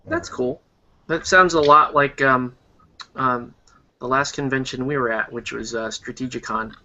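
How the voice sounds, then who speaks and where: Brief: man with a bright, forceful tone, hesitant and chatty, dull lo-fi sound. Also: medium pitch, animated, a little slow, vocal fry. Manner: hesitant, frequent ums. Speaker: podcast co-host. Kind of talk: casual chat.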